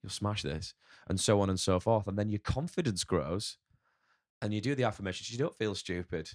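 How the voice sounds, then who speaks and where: A man's voice: fairly low pitch, brisk, no room sound, clean studio sound. A man who runs a restaurant, talking candidly as a podcast guest and swearing casually now and then. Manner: candid, swears casually, acts out inner voices.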